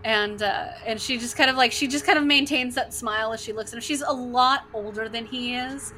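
Woman game master, bright tone, rambling, filler-heavy, casual narration. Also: fairly high pitch, steady tone, brisk, slight background noise.

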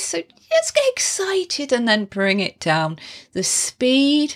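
A woman who teaches singing, talking through tips in a casual tutorial and showing off pitch and volume changes with her own voice, with chatty asides. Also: slow pace. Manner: expressive, demonstrates pitch and volume changes while explaining; chatty, with frequent laughs and asides.

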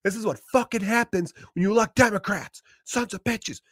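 A man putting on a shrill, furious neighbor. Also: fairly quick, a bit bright, no echo, studio quality. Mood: outraged. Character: angry ranting male neighbor, indignant and shrill.

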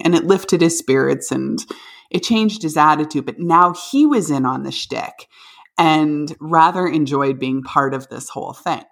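Vlogger mom from Canada, low voice, chatty storyteller who laughs as she goes. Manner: animated, laughs while telling. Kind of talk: casual storytelling.

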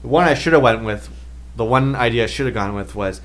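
A young man from Canada chats casually on a podcast, spinning a long personal story. He slips into the voices of the people he quotes, keeping an easy mid-pitched tone throughout. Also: fairly quick. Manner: animated storyteller, acts out quoted dialogue. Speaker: podcast co-host.

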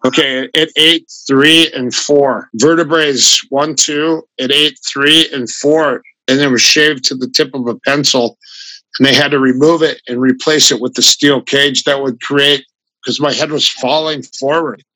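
Older man, gravelly throat, forceful bright tone, dry close sound, rambling anecdotes. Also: mid-range voice, a little slow, dry recording, poor audio. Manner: rambling, animated anecdotes with restarts. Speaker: guest, grappling fighter and coach. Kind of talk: casual storytelling in an interview.

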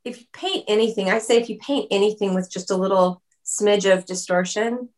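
A woman's voice: mid-range voice, fairly quick. Woman guest, chatty and giggly, loose casual talk. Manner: chatty, lots of "like" and "um", laughs often. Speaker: musician guest. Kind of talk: casual interview chat. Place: video call.

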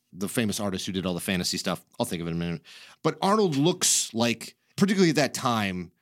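A man's voice: fairly low pitch, dry recording. Rambling laughing man, dry close sound. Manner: rambling, laughs often, swears casually. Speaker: podcast host. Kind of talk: casual chat.

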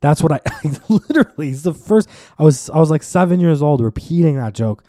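A man's voice: a little high, lively intonation, brisk, warm tone, dry recording, studio quality. A man in his twenties hosting a solo podcast, telling rambling, self-amused stories, swearing freely and acting out the voices he quotes. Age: 20s. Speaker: podcast host. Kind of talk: casual solo podcast monologue.

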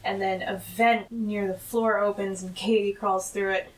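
A woman's voice: mid-range voice, little pitch movement, normal speed, recorded from a distance, low-quality recording. A woman co-hosting a podcast, playfully narrating scenes from a TV episode. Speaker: podcast co-host. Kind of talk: casual chat recapping a TV episode.

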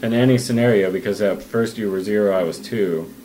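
A man co-hosting a podcast in casual chat, laid-back and teasing with deadpan banter. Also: on the low side, brisk, a little hiss or hum. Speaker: podcast co-host.

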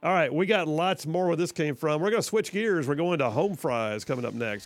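A man's voice: a little high, expressive, a little fast, soft background music. A man hosting a casual talk radio show, chatty and full of fillers. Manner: chatty, hesitant with many fillers.

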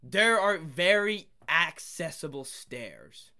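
Young man, casual podcast chat, animated storyteller, bright tone. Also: a little high, takes it slowly. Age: young adult. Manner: animated storytelling, acts out quoted exchanges. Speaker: podcast co-host.

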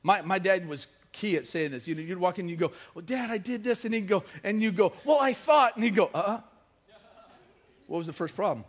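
High-voiced joking male preacher. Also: expressive, brisk. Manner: casual and joking, acts out quotes. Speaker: pastor. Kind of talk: sermon.

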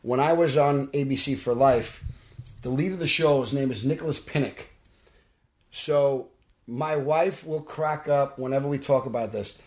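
In a podcast studio with noticeable room echo, an actor guest from Brooklyn, New York, spins stories in a casual interview. His medium-pitched voice moves at a moderate pace, carrying a Brooklyn accent as he animatedly performs the dialogue.

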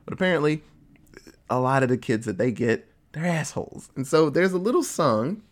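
A man casually recapping a TV episode with a co-host, telling it in an animated way and popping into quick voices for the characters. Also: on the high side. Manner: animated storytelling with quick voice switches for quoted characters. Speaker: podcast co-host.

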